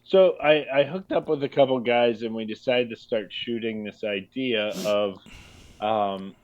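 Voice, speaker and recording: A man's voice: fairly low pitch, no echo, lo-fi sound. A middle-aged man co-hosting a casual comedy chat, explaining his projects in an easygoing way. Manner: easygoing storyteller, explaining at length. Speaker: comedy writer and producer co-host.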